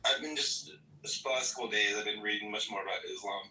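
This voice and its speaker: A man's voice: on the low side, a little fast, pushed and bright. A man arguing hotly and profanely in an online voice-chat debate. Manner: heated, profane, emphatic. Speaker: debate participant. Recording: roomy, distant mic, faint noise.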